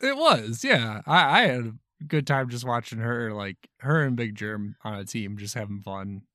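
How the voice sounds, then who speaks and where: A man's voice: medium pitch, expressive, normal speed, sharp tone, dry recording, studio quality. A man co-hosting a podcast, tossing in short jokey quips during casual chat. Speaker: podcast co-host.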